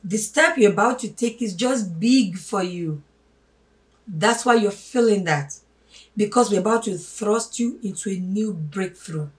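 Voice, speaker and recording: A woman's voice: medium pitch, unhurried. Emphatic woman preaching, a bit off-mic. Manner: emphatic, swinging between loud stresses and hushed asides; addresses listeners as brothers and sisters. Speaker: religious teacher. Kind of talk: spoken sermon. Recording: voice a little distant from the mic.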